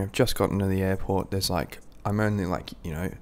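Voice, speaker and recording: Low-voiced Australian man telling a rambling tale. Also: steady tone, brisk. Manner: rambling, crude and self-mocking, laughs at his own story. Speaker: storyteller. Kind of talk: casual anecdote.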